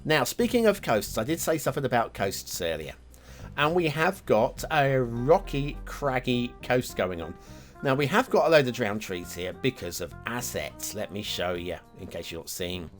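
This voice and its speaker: A man hosts a map review show and talks casually over gameplay, his pitch swinging up and down as he wanders from point to point. He is chatty, with frequent fillers and self-deprecating asides. Faint music sits in the background. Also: very animated, moderate pace. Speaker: show host reviewing game maps.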